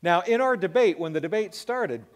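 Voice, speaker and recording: A man in his fifties, a talk show host, telling a personal testimony as a lively story and acting out sounds and asides. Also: sits high, normal speed. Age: 50s.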